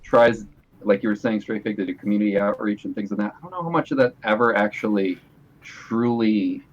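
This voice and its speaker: Low-voiced man on a dull call. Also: brisk. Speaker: panelist, guitarist. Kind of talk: casual panel chat on a video call.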